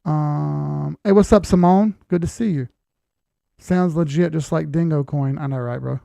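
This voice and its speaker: Laid-back gravelly man hosting a stream. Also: fairly high pitch, unhurried, dark tone, dry recording. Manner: laid-back, chatty, many fillers, reads out chat questions. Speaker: livestream host reading viewer chat. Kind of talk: casual livestream chat.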